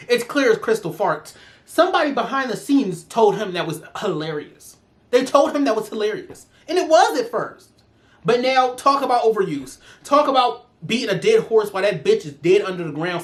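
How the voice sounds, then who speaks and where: Woman, vlog reviewer, animated profane rant, higher pitch, very lively intonation. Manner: sassy, profane, animated ranting. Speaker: show reviewer.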